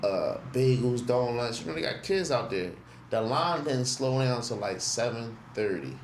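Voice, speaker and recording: A man's voice: mid-range voice, moderate pace, a little hiss or hum. A man, a podcast guest who tells casual, profane stories and acts out what he said back then. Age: 20s. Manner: profane, animated, acts out his own past remarks. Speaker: podcast guest, clothing brand owner. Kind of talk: casual storytelling. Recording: roomy echo.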